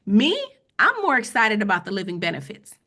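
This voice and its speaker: A woman's voice: mid-range voice, huge pitch swings, fairly quick, sharp tone. A woman teaching a casual webinar on finance, chatting with her audience and often checking in with "okay?". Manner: conversational, repeats "okay?" to check in. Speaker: financial educator.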